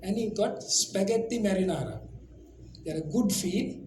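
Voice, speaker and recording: A man's voice: high-pitched, fairly quick. A man from Sri Lanka, giving a public lecture as a humorous storyteller with chatty asides to the audience. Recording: roomy lecture hall with faint noise.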